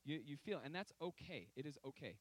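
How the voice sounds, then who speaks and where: A man's voice: on the high side, animated, a little fast, low-quality recording. Emphatic man preaching a sermon. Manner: storytelling, emphatic with sudden loud outbursts.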